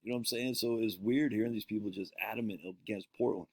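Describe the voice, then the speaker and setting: A man's voice: lowish voice, fairly even intonation, quick pace, a little mellow. A man who grew up on an island in Maine, hosting his own show and telling rambling stories in a chatty way, correcting himself as he goes. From Peaks Island, Maine. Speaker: show host. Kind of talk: casual rambling storytelling.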